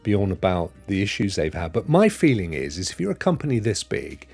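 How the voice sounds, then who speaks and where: A man with a slightly husky voice talks gaming news on a casual panel. His pitch swings widely as he argues through what-if scenarios and teases the others. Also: fairly quick, soft background music. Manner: lively, teasing, makes points with hypotheticals.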